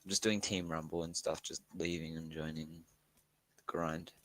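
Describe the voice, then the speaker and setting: A man's voice: rumbling low, flat delivery, normal speed. An Australian man chatting over a voice call, distracted and mumbling while he plays. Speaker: friend on voice call. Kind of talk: casual chat over voice call.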